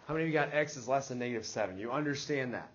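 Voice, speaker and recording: A man's voice: mid-range voice, expressive, very fast, highs cut off. A man teaching a math class, leading with questions and checking in with his students. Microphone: classroom recording device.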